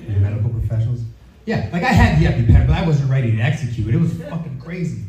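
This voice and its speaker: Rapid-fire and expressive, a medium-pitched Philadelphia comic performs a crude, brash club routine, repeatedly checking whether the crowd is following him. Loud laughter fills the echoey recording, captured from a distant mic.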